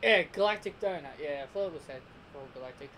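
A man's voice: on the high side, animated, fast talker, pushed and bright, slight background noise, poor audio. A man giving a casual spoken review of an anime episode, rambling, restarting his sentences and laughing often. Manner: rambling, frequent restarts and repeats.

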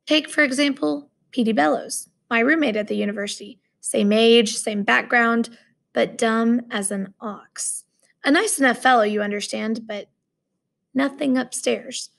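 A woman English teacher reads a short story aloud, then talks through it casually for her students. Her voice sits a little high and has a gravelly fry. She sounds explanatory and relaxed.

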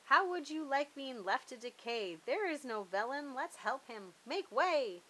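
A jittery little inspector who frets over every clue, as a woman reads him aloud. The voice sits high and bright. It keeps rising into eager worry. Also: expressive, unhurried, heavily acted. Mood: fretful. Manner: anxious, overexcited. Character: fretful bumbling male food inspector.

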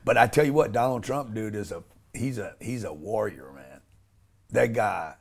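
A man's voice: on the low side, moderate pace, gravelly. A man speaking as an interview guest, blunt and emphatic, often restarting and swearing casually.

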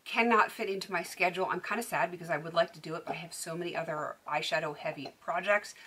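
A woman's voice: on the low side, sharp tone, slight background noise. A woman beauty vlogger chatting casually to camera, talkative, with frequent laughs and filler words.

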